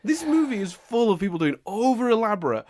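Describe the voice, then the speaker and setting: A man co-hosting a casual podcast, animated and laughing often as he acts out his exasperated reactions. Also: high-pitched, fast talker, dry recording. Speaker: podcast co-host.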